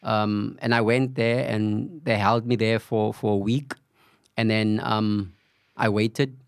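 A man's voice: fairly low pitch, steady tone, slow pace, clear, resonant tone, no room sound. Dry-sounding man telling his story. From South Africa, Cape Flats. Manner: recounts events with acted-out quoted dialogue and frequent "you know". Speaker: podcast guest. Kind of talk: candid storytelling interview.

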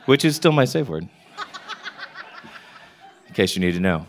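A man's voice: deep voice, big pitch swings, moderate pace, slight background noise. A middle-aged man from Texas telling a candid comic story to a live audience, landing his punchlines wryly. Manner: wry, candid, punchline-driven joke delivery.

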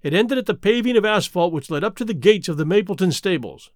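A man reading a classic detective story aloud as first-person narrator, expressive and clearly enunciated, close to the mic. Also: high voice, quick pace, no echo. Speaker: audiobook reader.

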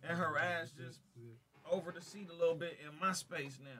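A man guest in casual stream chat, animated, telling a story and posing questions. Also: on the high side, fairly quick.

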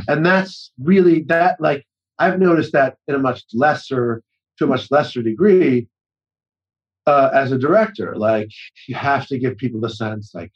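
A husky-voiced man in his forties talks loosely and at length. He trips over restarts and slips into acted-out quotes. The audio sounds a little dull and muffled. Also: medium pitch. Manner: rambling, self-interrupting with many restarts and acted-out quotes. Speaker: actor-director guest. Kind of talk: casual storytelling conversation.

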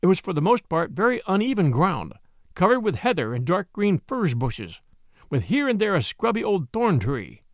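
A man narrating a classic novel in an expressive, measured storytelling manner. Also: high voice, no echo, studio quality. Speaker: audiobook narrator.

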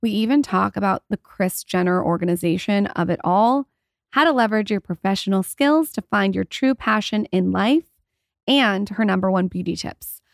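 A woman's voice: mid-range voice, moderate pace, creaky, no echo, clean studio sound. A woman hosting a podcast, introducing her guest in an upbeat, enthusiastic way. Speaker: podcast host. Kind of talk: casual chat.

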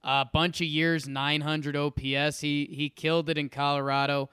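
A man's voice: a little high, little pitch movement, normal speed, pushed and bright, clean tone, no echo, studio quality. A man co-hosting a sports podcast, talking with enthusiasm and rambling through ad reads and stats. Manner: enthusiastic, rambling, repeats words. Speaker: podcast co-host. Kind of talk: casual sports podcast chat and ad read.

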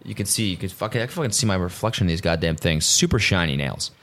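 A man's voice: low-pitched, animated, fast talker, fairly bright tone. A man hosting a solo podcast, rambling casually and swearing freely as he tells stories. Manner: profane, rambling, self-mocking. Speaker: podcast host.

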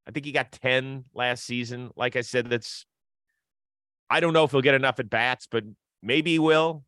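A man's voice: medium pitch, steady tone, normal speed, fairly bright tone, smooth, no echo. A man hosting a sports podcast, talking casually and upbeat, often laughing as he chats. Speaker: podcast host.

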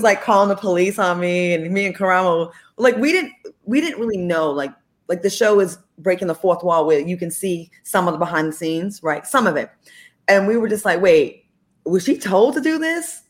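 A woman's voice: on the low side, fairly quick. Candid laughing woman guest. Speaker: guest, former reality TV cast member. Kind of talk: casual interview chat.

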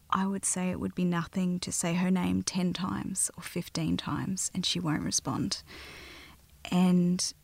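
An Australian mother telling her own story in a soft, halting way that often drops to a near whisper. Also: lowish voice, gravelly, dry recording. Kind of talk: personal storytelling interview.

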